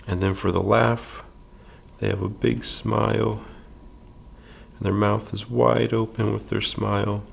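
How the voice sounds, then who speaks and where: Slow, gravelly-voiced man teaching drawing. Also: fairly low pitch, a little hiss or hum. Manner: calm, patient, hesitant with fillers, drops to soft half-whispers while drawing. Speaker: library drawing instructor. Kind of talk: slow step-by-step drawing lesson.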